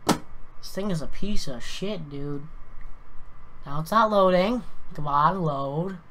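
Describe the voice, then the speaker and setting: A tired woman livestreams a racing game, cursing as she wrestles with a scoring program and sorts out the standings. Her lowish voice moves slowly, with a slight hiss or hum, and her frustrated, profane commentary swings from muttering to shouting.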